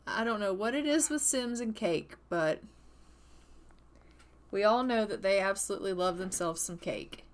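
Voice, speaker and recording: A woman casually narrating her gameplay of a family life sim in a chatty, relaxed way. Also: mid-range voice, normal speed. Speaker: gaming channel host.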